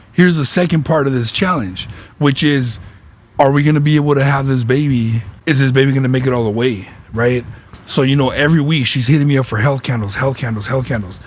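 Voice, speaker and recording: A man hosting a podcast, telling a casual story in slangy speech with Spanish words dropped in. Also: medium pitch. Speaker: podcast host and spiritual reader.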